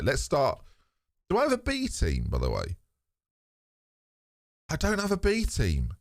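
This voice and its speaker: A man streaming a game live, chatting to his viewers in a lively, sweary way. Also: deep voice, no echo, clean studio sound. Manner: animated, talks to chat, swears casually. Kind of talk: live gameplay commentary.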